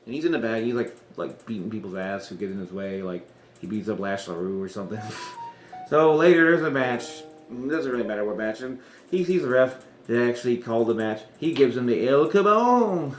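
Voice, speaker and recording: A man's voice: medium pitch, lively intonation, fairly quick, faint music behind. Rambling man in a roomy echo. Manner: rambling, self-correcting, chuckling asides. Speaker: wrestling podcaster. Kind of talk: casual fantasy-booking chat.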